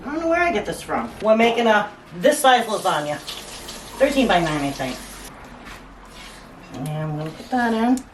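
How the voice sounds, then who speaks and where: A woman's voice: mid-range voice, sing-song, normal speed, pauses often, a little hiss or hum. A woman hosting a home cooking demonstration, chatting in a casual, joking way as she cooks. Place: home kitchen. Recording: echoey kitchen, mic at a distance, cooking clatter.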